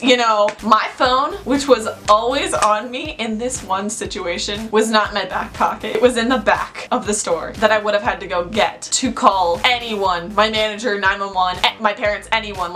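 A young woman vlogger telling a storytime, chatty and full of "like" fillers. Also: medium pitch. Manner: chatty, fillers of "like", animated retelling. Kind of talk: storytime vlog.

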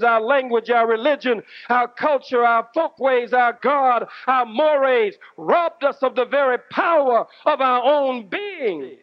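A man giving a fiery sermon-style speech, preaching with dramatic pauses and shouted outbursts. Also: very high-pitched. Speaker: minister. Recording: dull lo-fi archive recording.

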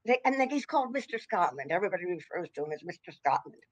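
A woman in her eighties, a voice actress being interviewed, telling stories in a chatty, warm manner. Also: fairly low pitch, big pitch swings, rapid-fire, low-quality recording. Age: 80s. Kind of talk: anecdotal casual chat.

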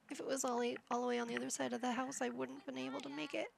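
A woman's voice: high-pitched, little pitch movement, very fast, gravelly, few pauses, crowd noise. A young woman casually commentating a life-sim game, teasing and chatting to her characters. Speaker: gaming channel host. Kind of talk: casual let's-play commentary.

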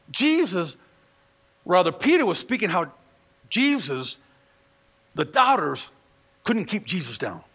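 Man, pastor, sermon, storytelling, acts out quoted voices, gravelly, long church reverb. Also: high-pitched, sing-song, takes it slowly, long pauses, fairly bright tone. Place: church sanctuary.

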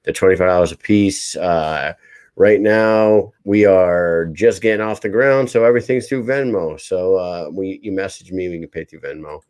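Profane, rambling co-host with a low voice. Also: male voice, moderate pace, a little mellow, smooth, no room sound. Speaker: podcast co-host. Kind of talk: casual chat.

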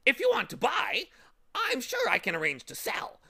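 A man voicing a dirty, malicious bird that shrieks high and twists every word. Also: wildly swooping pitch, moderate pace, vocal fry, sharp tone, exaggerated voice. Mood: amiable. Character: filthy malicious cackling bird, shrieking and haughty.

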